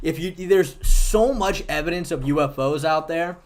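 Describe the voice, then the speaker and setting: A man's voice: on the high side, normal speed. Argumentative man streaming to his chat. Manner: argumentative, swears freely. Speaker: livestream host. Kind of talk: casual livestream chat with viewers.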